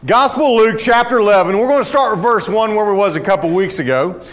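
A man's voice: high-pitched, fast talker. A man preaching a sermon in a folksy, storytelling way. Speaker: pastor.

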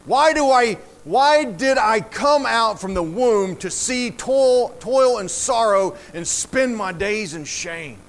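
A man preaching a sermon, reading scripture aloud in a slow, fervent way that rises to emotional emphasis. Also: very high voice, lively intonation.

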